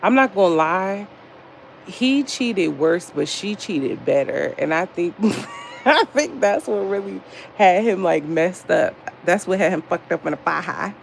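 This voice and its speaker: A woman in her thirties hosting a casual livestream, telling stories with lots of profanity and talking straight to her chat, her pitch jumping as she gets into it. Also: measured pace, creaky, slight background noise. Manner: lively storytelling, frequent jumps in pitch. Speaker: livestream host.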